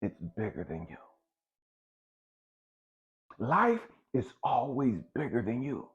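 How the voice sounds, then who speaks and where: Speaking slowly in a mid-range voice whose pitch swoops wildly, this middle-aged man is a motivational speaker. His exhortation is blunt and profane, driving each point home by repeating it, captured on a dull lo-fi recording.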